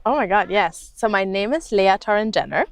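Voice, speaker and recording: A woman's voice: mid-range voice, lively intonation, normal speed, no room sound. Bubbly young woman interview guest. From Germany and Spain. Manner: enthusiastic, bubbly. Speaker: guest, circus artist. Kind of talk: casual interview chat.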